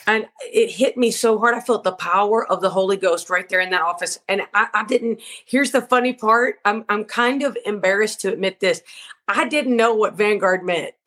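A woman's voice: medium pitch, moderate pace, a bit bright. Woman minister, interview guest, fervent preacher-style storytelling. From Georgia, USA. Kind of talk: interview testimony.

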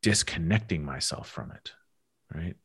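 Low husky guy on a podcast, young, talks thoughtful and blunt, swears here and there. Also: animated, a little slow, a bit bright. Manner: reflective, frank, swears casually. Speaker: guest. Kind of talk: casual podcast conversation.

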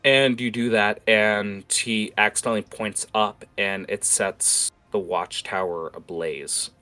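A man's voice: fairly low pitch, fairly even intonation, takes it slowly, sharp tone. A young man narrating as game master of a tabletop game, rambling with fillers and casual swearing.

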